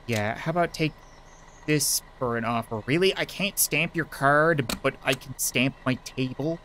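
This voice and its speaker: A gaming YouTuber, a man, doing let's play commentary in a joking, excitable way, talking back to the characters on screen. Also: medium pitch, unhurried, slight background noise.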